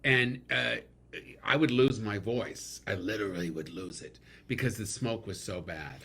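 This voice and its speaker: Bright-toned man, lively comic guest. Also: fairly low pitch, unhurried, gravelly, slight background noise. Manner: lively, breaks into comic impressions. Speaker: comedian guest. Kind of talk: casual comedy chat.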